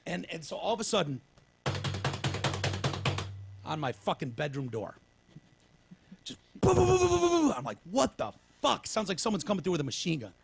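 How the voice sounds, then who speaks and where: A man's voice: on the high side, normal speed, vocal fry, pauses often, soft background music. A man co-hosting a podcast, telling a story in casual banter, full of swearing and acted-out voices. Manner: animated, profane, acts out voices when retelling. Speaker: podcast co-host.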